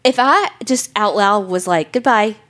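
A woman's voice: animated, normal speed. Woman, podcast co-host, casual reader, mid-range voice, swears freely, playful reactions. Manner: swears casually, acts out reactions with big pitch jumps. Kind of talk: reading listener stories aloud, casual chat.

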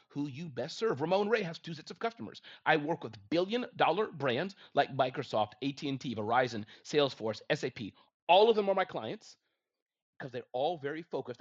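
A middle-aged man giving business advice in an energetic, emphatic motivational talk. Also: mid-range voice. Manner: energetic, emphatic, lively delivery. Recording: dull lo-fi sound.

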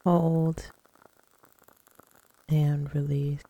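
A woman hosting a podcast who leads slow, calm breathing exercises and guided affirmations in a soothing manner. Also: low voice, gravelly. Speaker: podcast host.

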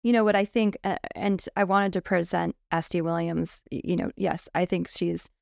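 A woman's voice: lowish voice, steady tone, moderate pace, vocal fry, no echo, studio quality. A woman on a casual panel podcast, thoughtful and laughing lightly between her points.

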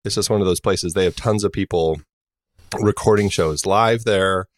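Podcast co-host: man with a very low voice, dry close recording, laid-back jokey banter. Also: normal speed, no echo. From United States. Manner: jokey, laughing, self-mocking. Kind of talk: casual chat. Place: home studio near Phoenix.

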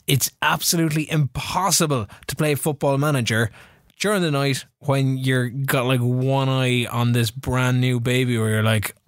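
A man's voice: medium pitch, fairly even intonation, moderate pace, no room sound, clean studio sound. A young adult man, co-hosting a podcast and telling a long, rambling story in casual chat. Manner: rambling anecdote, chatty. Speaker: podcast co-host.

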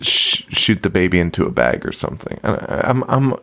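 A man's voice: deep voice, big pitch swings, moderate pace, bright, forceful tone. Rambling, profane man recapping a film. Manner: rambling, profane, laughs often, stumbles over words. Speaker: podcast co-host. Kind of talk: casual movie recap chat.

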